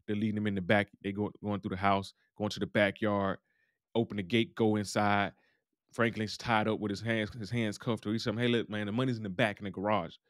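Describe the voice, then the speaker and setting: In this casual recap monologue, a man talks through a TV episode in a loose, talky way, voicing the characters' lines himself. His voice sits on the low side with little pitch movement, and he's brisk; the recording is dry and studio quality.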